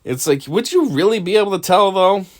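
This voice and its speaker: A man's voice: sits high, lively intonation, brisk. A man giving casual video commentary, rambling with lots of fillers and frequent chuckles.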